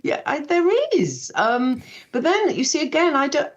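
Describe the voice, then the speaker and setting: A woman's voice: sits high, sing-song, measured pace, muffled recording, a loud crowd. An older woman speaking as a guest author in a casual radio interview, chatty and self-deprecating, acting out quoted dialogue as she tells stories.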